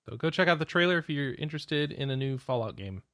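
A man's voice: a little high, animated, fast talker, bright, forceful tone, dry recording. Dry sarcastic man co-hosting a podcast. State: tired, yawning. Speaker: podcast co-host. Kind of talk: casual chat.

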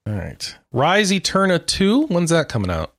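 Lively joking man reading out game news. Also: fairly high pitch, normal speed, no room sound, clean studio sound. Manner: joking, leads the topic list. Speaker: podcast co-host. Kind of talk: casual gaming news chat.

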